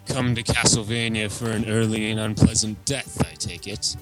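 A man's voice: little pitch movement, moderate pace, faint music behind, natural voice. A man voicing a haughty male vampire count who hates puns, in a dramatic reading of a novel. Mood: gloating. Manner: theatrical, booming, haughty.

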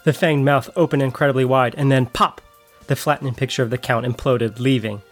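Steady mid-voiced male narrator. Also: medium pitch, brisk, soft background music. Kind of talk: dramatic reading of a novel.

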